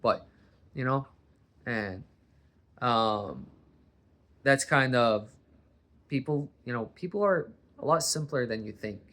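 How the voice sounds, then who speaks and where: A man from Boston talks into a camera propped on his coffee table at home. His voice sits at an ordinary middle pitch. He rambles casually, cuts himself off and circles back to his point. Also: expressive, slow, pauses often, fairly bright tone. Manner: rambling, self-interrupting, chatty. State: warm under a sweater, hat and blanket. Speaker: vlogger. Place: home living room, recording on a coffee table.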